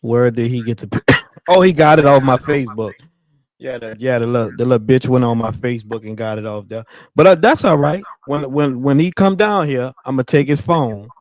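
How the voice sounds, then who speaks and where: A man calling into a casual livestream as a guest, talking in a laid-back, low-key way. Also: fairly quick, no echo, poor audio.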